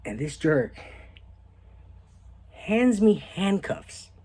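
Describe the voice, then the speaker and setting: A young man vlogging, telling a story casually and with animation, often dropping to hushed asides. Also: sits high, very animated, very slow.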